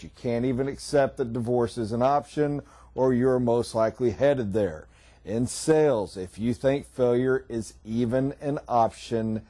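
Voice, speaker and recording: A man's voice: medium pitch, warm tone. A middle-aged man giving a sales training talk to a group around a table, emphatic and folksy as he tells stories. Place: meeting room around a table.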